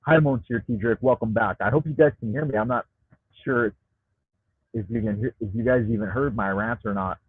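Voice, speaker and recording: A man hosts a livestream and rants at length, swearing freely and stumbling over repeated words when he gets heated. His voice is husky and sits at an ordinary pitch. It comes through a Bluetooth headset, tinny and bone-dry, like a phone line. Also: normal speed, no room sound. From United States. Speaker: livestream host reading chat. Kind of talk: ranting live chat.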